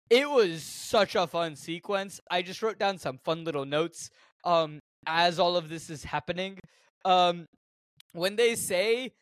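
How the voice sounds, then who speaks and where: A man co-hosting a podcast, casually recapping a film from his notes with animated jokes. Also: high voice, slow pace, no echo. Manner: animated, joking, reads notes aloud. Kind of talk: casual chat.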